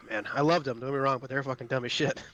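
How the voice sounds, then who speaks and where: A man's voice: medium pitch, fairly even intonation, quick pace, sharp tone, no room sound, lo-fi sound. A man chatting casually with a teammate while playing, telling a rambling story full of profanity. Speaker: squad teammate.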